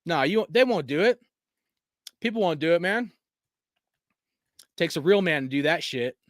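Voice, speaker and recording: A man's voice: a little high, animated, no room sound, studio quality. Fired-up cursing man ranting about football. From US West Coast. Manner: heated, cursing, rapid-fire, slangy. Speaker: fan channel host. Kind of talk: profane sports rant.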